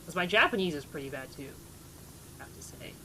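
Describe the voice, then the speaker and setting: A young woman streamer talks to her chat in a relaxed, rambling way, laughing at herself as she goes. Her voice sits a little low for a woman. A faint hiss of background noise runs under the desk mic. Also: a little fast. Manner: chatty, laughs at herself, greets chat warmly. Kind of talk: casual live-stream chat.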